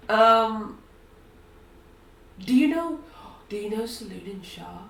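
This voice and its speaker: A woman's voice: a little high, expressive, takes it slowly, vocal fry, fairly bright tone, reverberant, distant mic, slight background noise, poor audio. A woman playing a tabletop role-playing game, blunt and curious, who swears casually. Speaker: player.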